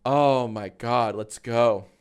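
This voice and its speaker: A man's voice: mid-range voice, slow, clear, resonant tone. A man chatting casually on a live stream, rambling and swearing as he reads out the chat.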